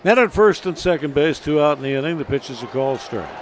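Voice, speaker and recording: A man calling baseball play-by-play on the radio in steady, measured calls, with scoreboard updates. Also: on the high side, background noise. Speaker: play-by-play announcer.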